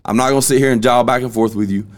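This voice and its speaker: A man's voice: mid-range voice, fairly even intonation, rapid-fire. A man, hosting a casual podcast and telling a story bluntly. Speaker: podcast host.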